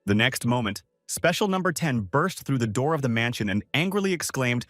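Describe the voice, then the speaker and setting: A man's voice: mid-range voice, sing-song, fairly quick, hardly any pauses, fairly bright tone, no echo, clean studio sound. A man narrating a comic story recap in a scripted, storytelling way. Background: faint music.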